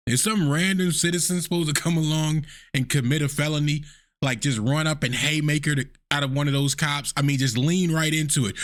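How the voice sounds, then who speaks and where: Man, casual reaction commentary, animated pitch, frequent chuckles, mocking voices, close mic. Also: normal speed. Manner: laughs often, mocks with put-on voices. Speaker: reaction video host.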